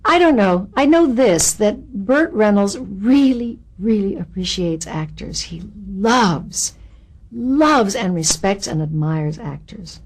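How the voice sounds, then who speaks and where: A woman being interviewed as an actress, telling anecdotes in an animated, expressive way and acting out the quotes. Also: medium pitch, slow pace, slightly rough. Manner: animated, expressive storyteller who acts out quotes.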